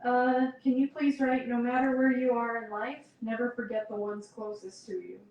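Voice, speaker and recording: A woman's voice: on the high side, flat delivery, moderate pace, lo-fi sound. A woman briefly relaying fan requests and spelling out names, matter-of-fact. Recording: echoey room, off-mic.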